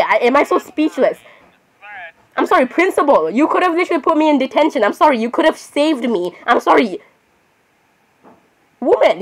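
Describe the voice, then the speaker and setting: A woman gamer talks through her play in casual running commentary. Her voice sits fairly high, and she gets excitable, keeps saying sorry and chats to herself as she goes.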